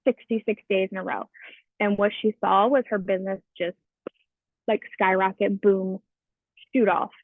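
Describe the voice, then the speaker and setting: Woman host with a gravelly edge, encouraging and upbeat; dry, phone-thin audio. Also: medium pitch, fairly even intonation, normal speed, pauses often, dry recording. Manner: upbeat and encouraging, hypes up her co-leader. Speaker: team call host. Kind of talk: motivational team call talk. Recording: dry, tinny phone-like line.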